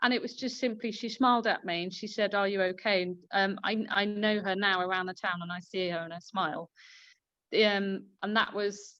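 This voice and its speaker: A woman's voice: mid-range voice, steady tone, normal speed, a bit bright, no room sound. A woman hosting an online panel chat, a midwife telling a story in a chatty way with many fillers. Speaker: host and midwife. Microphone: video call. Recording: dull, slightly lo-fi call audio.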